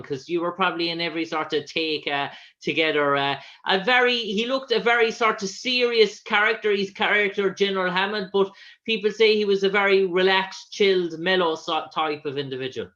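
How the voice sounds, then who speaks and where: A man's voice: high-pitched, moderate pace, pushed and bright. Man asking rambling questions on dull audio. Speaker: interview host. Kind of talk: casual interview.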